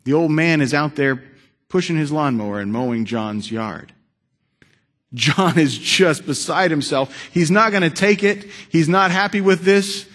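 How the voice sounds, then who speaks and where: A man preaching a sermon, telling a story with dramatic shifts between loud and hushed delivery. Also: on the high side.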